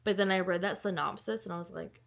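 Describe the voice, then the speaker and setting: At home indoors, a young book vlogger chats to the camera about books, giggly and rambling. Her voice sits on the low side, gravelly, and she talks fast.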